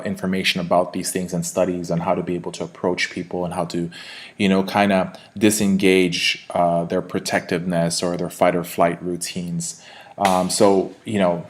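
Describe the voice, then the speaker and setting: A man, a sales trainer, giving an instructional talk straight to his viewers in a conversational way, with frequent fillers and tag questions. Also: deep voice.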